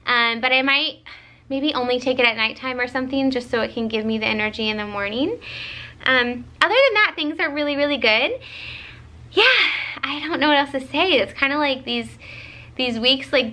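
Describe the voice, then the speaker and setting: A young woman vlogger, tired, chatting casually to camera and telling a story in an animated way with lots of fillers. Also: on the high side.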